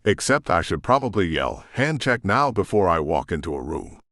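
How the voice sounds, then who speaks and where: A man's voice: low voice, very animated, normal speed, a bit bright, no echo, clean studio sound, exaggerated voice. A man reading the lines of a friendly woman who teases her housemate in an audiobook. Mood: teasing. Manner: wry, teasing.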